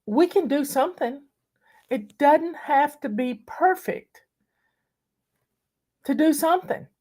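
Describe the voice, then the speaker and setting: Slow, teary woman host. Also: high voice, lively intonation. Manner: folksy, warm-hearted, emotional, drawling. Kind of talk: casual live video chat.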